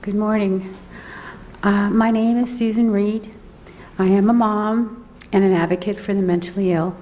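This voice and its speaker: A middle-aged woman, a mother and advocate, giving public comment at a county board meeting, emotional and close to tears, halting and repeating words. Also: medium pitch, steady tone, warm tone. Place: large council chamber. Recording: long hall reverb, faint noise.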